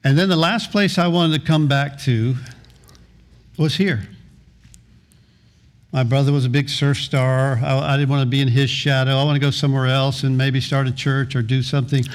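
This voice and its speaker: A middle-aged pastor with a medium-pitched, steady voice preaches a sermon at normal speed. He's earnest, often repeating words and restarting phrases, and sometimes half-sings hymn lines.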